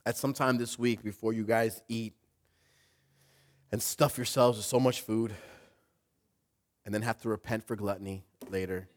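A male pastor preaching a sermon in an animated way, rising to loud emphasis. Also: on the low side, normal speed, long pauses.

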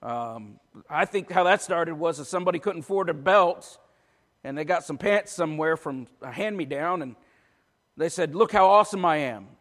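Male pastor with a high voice, delivering a sermon with humor and rising force; reverberant church sound. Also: expressive, moderate pace. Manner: joking asides that build to forceful preaching.

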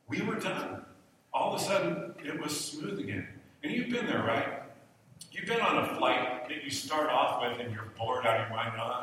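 A male pastor giving a sermon, an animated storyteller who swings between hushed and loud delivery. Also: medium pitch, a little hiss or hum. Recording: echoey hall, mic from far off.

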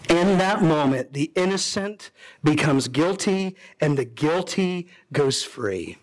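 At a moderate pace and with an expressive voice, this man preaches as a pastor, telling a story dramatically. Sharp rises and falls in pitch mark the different characters he voices.

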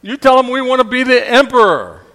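A man voicing a greedy fisherman's wife who is never satisfied, loud and scornful, as he tells a story in a sermon. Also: very high voice, expressive, fairly quick, voice pushed up, exaggerated voice. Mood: shrill demanding.

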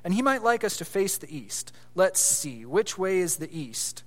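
A man's voice: high voice, sing-song, moderate pace, long reverb tail. A man voicing an earnest, solemn and slightly bossy schoolboy in a read-aloud story.

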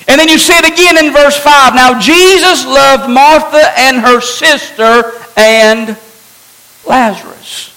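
A man's voice: very high-pitched, slow pace, bright, forceful tone, rough recording. A man preaching a sermon to his congregation, teaching in an emphatic way and asking rhetorical questions. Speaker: pastor.

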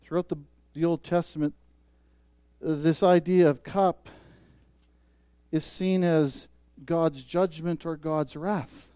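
A man preaching a sermon as pastor, emphatic, swelling loud on key points and dropping soft. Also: a little high, steady tone, slow, pauses often, clear, resonant tone, no echo.

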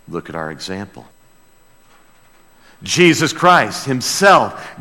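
A man's voice: lowish voice, big pitch swings, takes it slowly, pauses often, pushed and bright, big-room sound. A man preaching a sermon as pastor, talking directly to his congregation and asking them questions. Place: church.

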